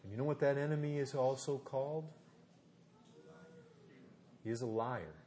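Preaching at a normal speed, a pastor keeps his sermon conversational, addressing the listeners as folks and posing rhetorical questions. To drive a point home, he often drops his voice low and quiet.

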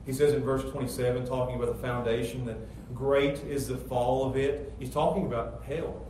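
A middle-aged pastor preaching a sermon with emphatic, rising rhetorical questions. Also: male voice, mid-range voice, level tone, a little fast, warm tone. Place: church sanctuary. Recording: very echoey church hall, distant mic, faint noise.

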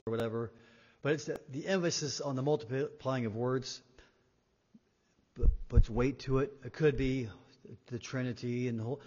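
A man's voice: mid-range voice, fairly even intonation, a little fast. Emphatic male preacher in a hall. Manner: emphatic, rising and falling in loudness, repeats words for weight. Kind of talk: sermon. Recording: dull sound in a reverberant hall.

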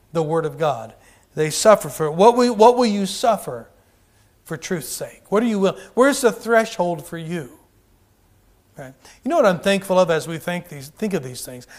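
A man preaching a sermon with fervor, calling out to the congregation and often restarting his sentences. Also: sits high. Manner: fervent, calls out to the congregation, many restarts.

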